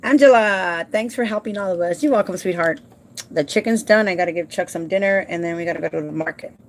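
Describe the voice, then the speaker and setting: A woman who works as a home care provider, talking casually and warmly to her viewers from home, emotional and halting at times. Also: fairly low pitch, slight background noise. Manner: emotional and heartfelt, addresses viewers as "you guys"; halting with repeated restarts when upset.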